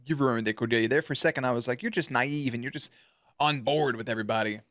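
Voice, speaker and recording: A man hosting a casual reaction video, talking in a slangy, profane, animated way. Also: mid-range voice, fast, no echo.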